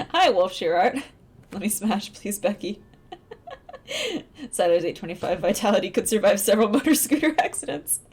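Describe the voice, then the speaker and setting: A young woman live-streaming a dating sim, commenting casually, reading lines aloud and breaking into high laughter. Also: big pitch swings, normal speed, pauses often, darkish tone, husky. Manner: giggly, bursts into high laughter. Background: faint game music.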